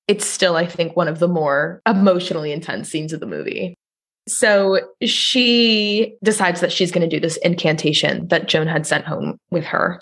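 A woman co-hosting a podcast, recapping a horror film in quick, casual chat with bursts of swearing. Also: on the low side. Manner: fast, swearing, excitable. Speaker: podcast co-host.

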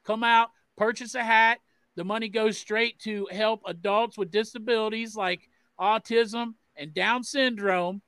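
A man's voice: steady tone, unhurried, clean tone, no room sound. Man doing a brash Cincinnati-accented player hype. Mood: hyped. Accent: put-on Cincinnati. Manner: loud, swearing, pitchman cheer. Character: brash male football player hyping a fan event.

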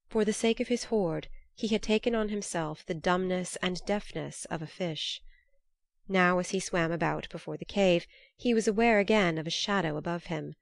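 A woman narrating an old myth in a measured, unhurried storybook reading. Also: lowish voice, no room sound.

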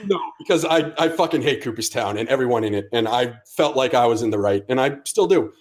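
A man's voice: medium pitch, animated, fast. A man on a podcast telling a long, profane story and acting out each person's lines. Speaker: podcast co-host. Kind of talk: casual storytelling.

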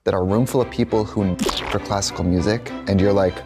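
A man's voice: lowish voice, fairly even intonation, fast talker, over music. A man co-hosting a comedic chat show, campy and playful, from Wisconsin. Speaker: co-host.

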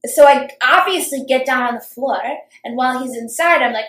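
A woman's voice: high voice, fairly quick, fairly bright tone. A young woman telling a story in casual chat, acting out quotes and swearing freely. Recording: roomy echo.

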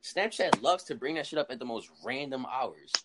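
Animated young man in casual chat. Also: normal speed, very noisy. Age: young adult. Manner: animated slangy storytelling, jumps into high voices for quotes.

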